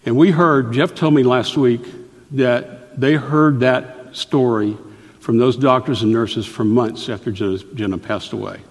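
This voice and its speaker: A middle-aged male pastor delivering a sermon in an earnest, deliberate way, often stopping to explain a point. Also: medium pitch, breathy edge. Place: church sanctuary. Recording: reverberant church hall.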